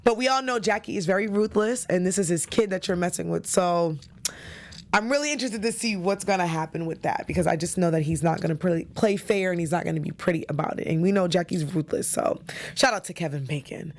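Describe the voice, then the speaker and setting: A woman's voice: fairly low pitch, a little fast. Chatty woman hosting a TV recap. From New York. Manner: chatty, enthusiastic, with frequent fillers. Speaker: TV recap show host. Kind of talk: casual recap chat.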